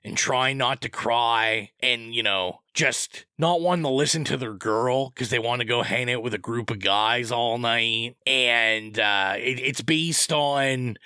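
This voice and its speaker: A man with a bright, forceful voice rambles through opinionated film picks in casual podcast chat. The sound is close and dry, with no room around it. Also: mid-range voice, measured pace, hardly any pauses, clear, resonant tone, no echo. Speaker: podcast co-host.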